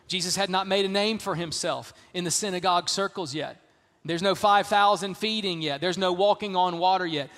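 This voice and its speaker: Pastor, middle-aged man, high voice, emphatic folksy sermon, long reverb. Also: sharp tone. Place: church sanctuary. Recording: reverberant church hall.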